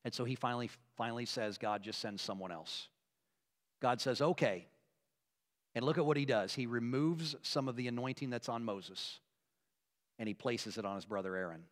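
A man preaching a sermon as a pastor, earnest, moving between emphatic, rising passages and quiet, hushed ones. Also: mid-range voice, fairly quick. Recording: long reverb of a large hall.

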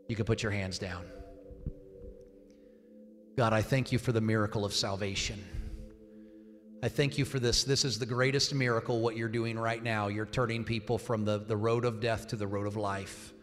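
A man preaching as a pastor, giving an altar call and leading a loud, fervent prayer in a church. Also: on the low side, fairly even intonation, normal speed, long pauses. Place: church sanctuary. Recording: reverberant hall with faint music.

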